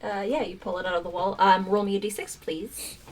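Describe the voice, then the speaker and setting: A woman narrating as game master of a tabletop role-playing game, halting often with filler words. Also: mid-range voice, fairly even intonation.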